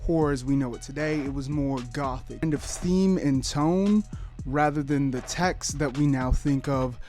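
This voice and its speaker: A man's voice: mid-range voice, moderate pace, darkish tone, faint music behind. A man giving a casual video essay as a YouTuber, joking and rambling with lots of fillers and swearing.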